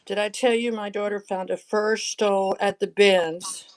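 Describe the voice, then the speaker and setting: A woman's voice: medium pitch, steady tone, normal speed, clear, resonant tone, poor audio. A woman hosting a live sale. She chats casually, laughs often and shows items one by one.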